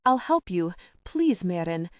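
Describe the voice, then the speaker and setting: A woman's voice: on the low side, big pitch swings, a little slow, dry recording. A woman voicing a small, frightened boy who pleads desperately, close to tears, in an audiobook.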